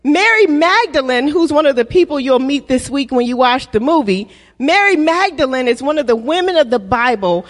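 A woman's voice: sits high, lively intonation, normal speed. A woman preaching a sermon to a congregation, leading call-and-response and repeating key lines. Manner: acts out playful voices in quoted dialogue. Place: church. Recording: long reverb of a church hall.

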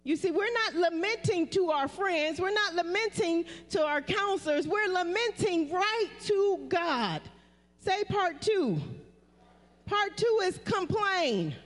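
A woman pastor with a very high voice delivers a sermon, often asking the congregation to say phrases back to her. Her voice rings out in a church sanctuary with a long, lingering reverb. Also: lively intonation, slow. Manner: call-and-response preaching, repeating phrases.

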